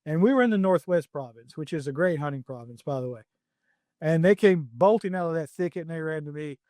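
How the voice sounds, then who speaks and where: A man's voice: on the high side, expressive, a little fast, darkish tone, dry recording, studio quality. A middle-aged man, a professional hunter, telling hunting stories in a plainspoken, blunt way with many fillers and restarts. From United States. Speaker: professional hunter and safari outfitter. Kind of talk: podcast interview storytelling.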